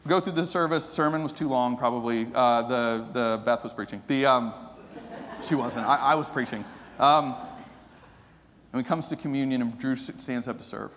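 A man preaching a sermon as pastor, telling a story that moves from animated to hushed and earnest. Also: medium pitch, moderate pace, a little hiss or hum. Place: church sanctuary. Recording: long reverb of a church hall.

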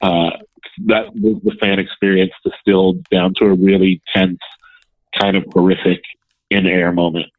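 A young man from Columbus, Ohio, telling a story as a podcast guest, relaxed and full of fillers. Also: deep voice, normal speed, no room sound. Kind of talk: casual chat. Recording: tinny phone-like line, dry.

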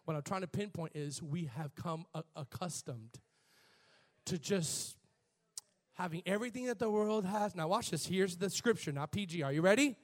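A pastor preaching a lively sermon to his congregation, leading chants and call-and-response and rising to shouts. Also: high-pitched, moderate pace. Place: church before a live congregation.

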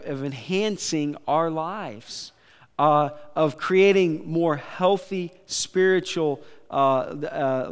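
A pastor preaching from the pulpit, telling a story in a casual, halting way with lots of restarts. His voice is smooth and resonant and sits a bit high for a man. The church sanctuary gives it a long, ringing reverb. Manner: casual, halting delivery with many fillers and restarts. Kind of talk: sermon.

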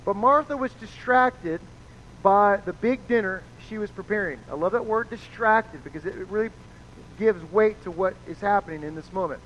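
Here a pastor with a high, slightly bright voice preaches at a normal speed. His sermon is casual and chatty, and he acts out the people he quotes; the audio sounds dull and lo-fi with a faint hiss.

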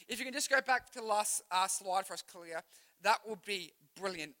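High-voiced, energetic Australian male preacher. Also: brisk. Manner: energetic, conversational, asks the crowd questions. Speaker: youth pastor. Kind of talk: youth sermon. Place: church youth gathering, live.

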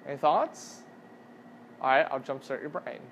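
A man's voice: medium pitch, normal speed, a bit bright, a little hiss or hum. A man as youth pastor, giving a casual sermon and asking the audience questions.

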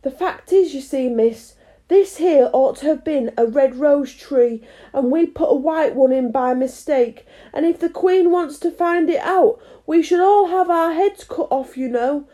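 A woman's voice: high voice, unhurried, dark tone, pitched above the performer's own voice. A woman voicing Two, a humble, nervous male playing-card gardener with old-fashioned speech.

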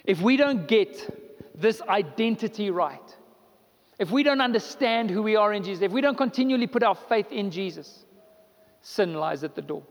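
A man's voice: sits high, expressive, moderate pace, long reverb tail. A pastor, a man, preaching a sermon with emphatic repetition that rises and builds, in a church.

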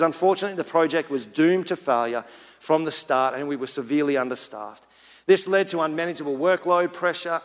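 A man preaching a sermon as pastor, chatty and personal, then building to earnest emphasis. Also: fairly high pitch. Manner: casual preaching, rising to urgent emphasis. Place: church. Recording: church hall reverb.

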